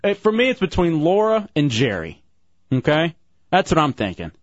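A man's voice: a little high, huge pitch swings, dry recording, muffled recording. A man hosting a casual call-in radio show, laughing and teasing his co-hosts and callers. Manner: laughing, teasing, quick back-and-forth.

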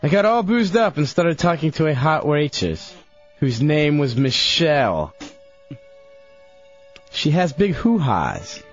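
Young man, laughing slurry diary reading, lively voice, lo-fi radio sound. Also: fairly high pitch, slow, pauses often. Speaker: radio show regular reading his old diary. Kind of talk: radio talk, reading aloud. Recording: dull lo-fi radio broadcast with faint music.

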